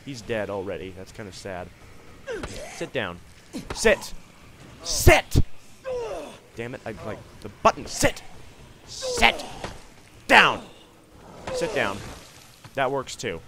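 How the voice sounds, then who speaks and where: A man's voice: mid-range voice, huge pitch swings, measured pace, gravelly, pauses often, crowd noise. A young man casually commenting on a video game as he plays, goofy and rambling, with yelps and silly voices. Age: young adult. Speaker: gamer, let's play host. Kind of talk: casual let's play commentary. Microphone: gaming headset.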